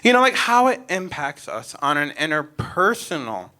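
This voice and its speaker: A young man from Omaha doing a stand-up comedy set, animated and swinging between quiet asides and loud punchlines. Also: fairly high pitch, normal speed. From North Omaha, Nebraska, USA.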